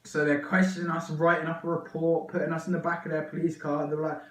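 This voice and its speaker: A young man excitedly telling a long personal story on his vlog, rambling with lots of fillers. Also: on the high side, fairly quick, roomy sound, recorded from a distance, low-quality recording. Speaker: vlogger.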